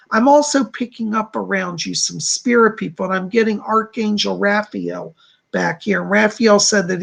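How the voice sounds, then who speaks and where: Very gravelly, husky-voiced man. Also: high-pitched. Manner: soft, reassuring, reads viewer messages aloud. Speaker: psychic medium. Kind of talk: live-stream psychic readings.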